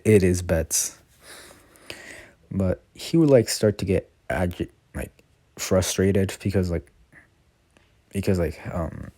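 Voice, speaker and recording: A man's voice: low voice, dark tone, no echo. A man casually retelling a fan story, rambling with constant fillers and self-corrections. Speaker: channel host.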